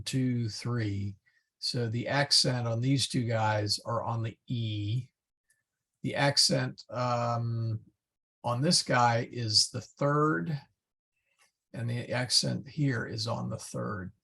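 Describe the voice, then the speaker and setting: A man teaching a Latin class, explaining slowly and patiently with many fillers. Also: mid-range voice, creaky, fairly bright tone. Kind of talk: online class lecture.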